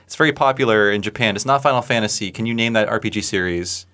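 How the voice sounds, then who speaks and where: A man hosting a podcast in casual chat, excitable, joking and often stammering over his words. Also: fairly low pitch, fast. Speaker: podcast host.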